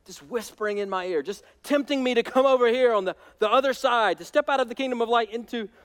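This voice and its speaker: A man preaching a sermon as pastor, animated, swinging between loud emphatic peaks and hushed asides. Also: very high voice, quick pace, smooth, in a large hall.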